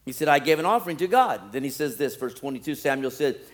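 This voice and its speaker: A man preaching a sermon, acting out scripture scenes and then dropping to quiet, wry asides. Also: expressive, quick pace. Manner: dramatic, swings from loud acted-out pleading to low asides.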